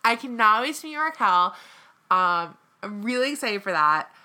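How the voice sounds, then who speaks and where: Young woman, from the American South, bright tense voice, opinionated, dramatic, casual chat. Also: expressive, moderate pace. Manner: opinionated, dramatic, mimics people in high voices. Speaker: co-host. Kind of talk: casual reality-TV recap chat.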